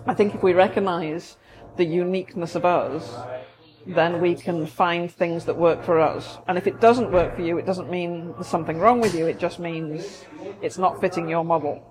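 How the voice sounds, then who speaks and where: A woman's voice: on the low side, fairly even intonation, moderate pace. A woman therapist, chatting casually and explaining things with everyday examples. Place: busy coffee shop. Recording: noisy coffee shop recording. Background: café crowd chatter.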